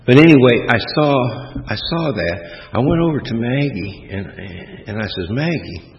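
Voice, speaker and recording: A man's voice: medium pitch, expressive, moderate pace. A man in his seventies giving a rambling, folksy personal testimony to a recovery group, with many fillers. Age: 70s. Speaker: speaker at a recovery meeting. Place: meeting room. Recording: echoey hall, dull lo-fi sound, faint hiss.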